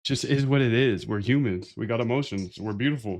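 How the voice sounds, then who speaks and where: A man's voice: mid-range voice, a little fast, hardly any pauses, a little mellow. A man talking casually while coding live, chatty and loose, repeating his own phrases and calling the listener "dude.". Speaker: coder streaming a live build.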